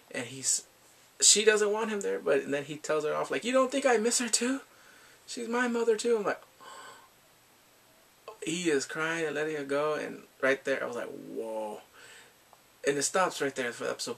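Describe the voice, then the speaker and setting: A man recapping a drama in casual chat, excitable, often laughing and sighing as he acts out the characters' lines. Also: mid-range voice, creaky. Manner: excitable, quotes characters in lively voices, laughs and sighs often. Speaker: drama reviewer.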